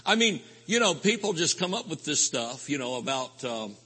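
A man preaching a rambling, folksy sermon with sudden loud outbursts at a live convention. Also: on the high side, big pitch swings, normal speed, breathy edge. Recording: live hall recording with long reverb.

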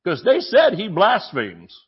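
A man preaching a sermon as pastor, conversational and joking, with frequent restarts, reading scripture slowly between asides. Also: high-pitched, huge pitch swings, husky, highs cut off.

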